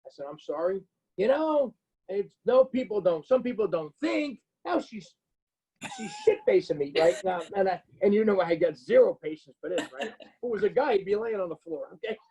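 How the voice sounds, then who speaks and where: A man with a New Jersey accent telling a story in casual chat, profane and animated, acting out the people he quotes. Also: sits high, moderate pace, poor audio. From Bloomfield, New Jersey. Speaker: podcast guest.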